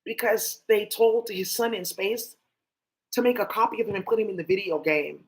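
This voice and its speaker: A woman's voice: medium pitch, moderate pace, a little mellow. A woman vlogger talking to camera in a rambling, emphatic monologue full of swearing.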